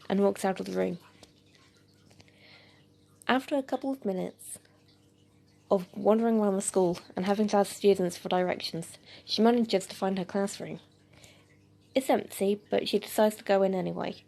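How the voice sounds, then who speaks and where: A woman reads a homemade audio story aloud, in a low-key, gravelly voice with a mellow, dark tone. She stumbles now and then on small fillers and keeps her delivery plain. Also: moderate pace. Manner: plain reading with hesitant fillers. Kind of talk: amateur audio story narration.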